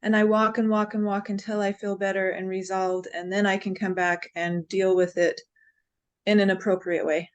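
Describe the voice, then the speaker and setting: A woman's voice: mid-range voice, flat delivery, moderate pace, clean tone. A woman taking part in an online class, sharing her own experience in plain, orderly, complete sentences. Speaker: class participant. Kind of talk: sharing in group discussion.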